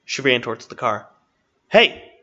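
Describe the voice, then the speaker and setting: Give me a man narrating a story in a steady, bright voice on a slightly dull recording. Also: mid-range voice, brisk.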